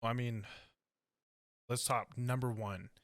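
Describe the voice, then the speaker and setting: A man's voice: mid-range voice, fairly even intonation, takes it slowly, no echo, clean studio sound. A man hosting a casual podcast, easygoing and joking, swearing casually as he talks. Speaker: podcast host.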